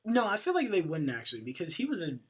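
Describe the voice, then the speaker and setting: Rambling young man with a fairly high voice. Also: wildly swooping pitch, fast, husky. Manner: rambling, swears often, lots of fillers. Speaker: podcast co-host. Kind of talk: casual chat. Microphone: headphones on, home podcast mic.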